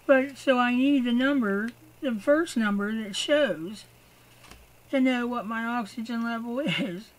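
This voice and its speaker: An exhausted woman speaks to her viewers in an unhurried, halting way. Her voice sits a little high, and her sentences often trail off before they finish. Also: poor audio. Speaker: vlogger. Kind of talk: personal video update to viewers.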